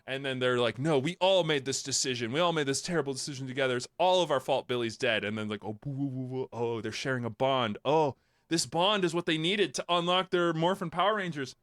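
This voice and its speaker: A man's voice: mid-range voice, brisk, no room sound, clean studio sound. A man co-hosting a podcast, casually recapping a film with joking, mocking quotes. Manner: animated, mocking quotes with crude jokes. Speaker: podcast co-host. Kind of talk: casual comedic recap chat.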